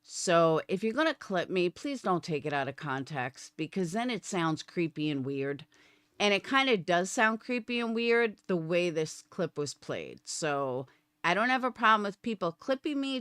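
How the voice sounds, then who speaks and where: A woman streamer rants straight to her chat, swearing hard and pushing back. Her voice sits a little low but swings widely in pitch. The sound is dry and close. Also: very animated, normal speed, fairly bright tone, smooth, dry recording. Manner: profane, combative. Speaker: live streamer. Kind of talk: livestream rant.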